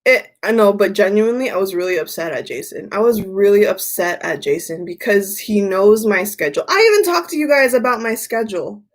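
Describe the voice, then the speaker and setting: A woman's voice: medium pitch, fairly quick, few pauses. Rambling woman hosting a casual livestream. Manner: rambling, repeats herself, animated storytelling. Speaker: tarot reader and livestream host.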